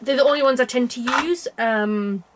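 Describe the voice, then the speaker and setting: Against a noisy background, the British woman talks at normal speed in a highish voice, rambling chattily to camera from her bedroom about cross stitch and peppering it with self-deprecating asides.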